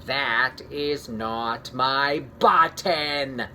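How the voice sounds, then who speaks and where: A man voicing a fussy, grumpy male toad in a children's storybook read-aloud, slow and emphatic. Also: mid-range voice, big pitch swings, bright, forceful tone, slight background noise. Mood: frustrated. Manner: whiny, indignant, slow and emphatic.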